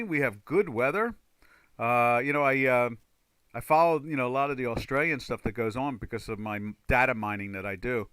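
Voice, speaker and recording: A man's voice: medium pitch, pushed and bright, clean tone, no echo. Rambling man hosting a trading stream. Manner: rambling, reads viewer chat aloud, many fillers. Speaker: trading livestream host. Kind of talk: casual live-stream chat.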